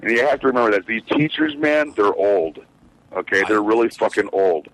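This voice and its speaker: Low-voiced, fast-talking, profane storyteller man. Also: slight background noise, low-quality recording. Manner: rambling, profane storytelling with many fillers. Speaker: truck driver, show regular. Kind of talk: casual podcast chat.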